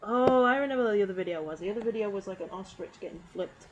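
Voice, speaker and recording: A woman's voice: medium pitch, rapid-fire, lo-fi sound. A woman streamer giving casual meme review commentary, rambling and giggling with lots of fillers. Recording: steady background noise.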